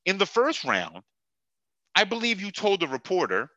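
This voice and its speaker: A man's voice: high-pitched, wildly swooping pitch, moderate pace, pushed and bright, no room sound, muffled recording. A man hosting a sports podcast, ranting with profanity and sarcasm and laughing at his own jokes. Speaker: podcast host. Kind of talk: heated sports podcast rant.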